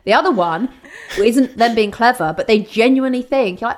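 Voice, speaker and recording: Animated English woman in her forties. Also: a little high. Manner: animated, opinionated, quick asides. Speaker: guest, football TV presenter. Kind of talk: casual interview chat.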